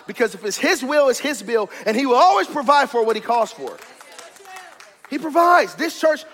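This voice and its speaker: A man preaching a sermon as pastor of his church, in a fiery, rhythmic style that builds to shouted climaxes. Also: extremely high pitch, in a large hall. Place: church sanctuary.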